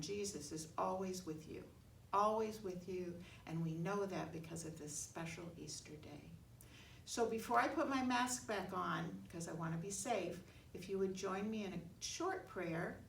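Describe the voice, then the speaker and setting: A woman telling a Bible story to young children in gentle, simple words. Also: on the low side, animated, moderate pace, gravelly. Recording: echoey room, mic far off, faint noise.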